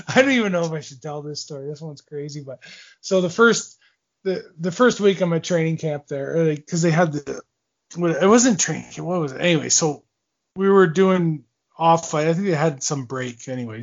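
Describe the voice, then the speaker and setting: A man's voice: a little high, highs cut off. A man in his forties, a former hockey player, telling long stories in a casual interview, rambling with fillers, restarts and laughs.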